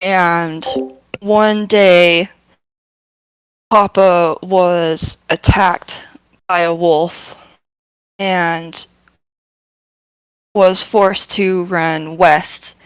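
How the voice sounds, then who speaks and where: A woman running a tabletop game as game master, narrating lore with many pauses and restarts. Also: fairly low pitch, fairly even intonation, clear, resonant tone, dry recording, rough recording. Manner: halting, lots of ums and restarts.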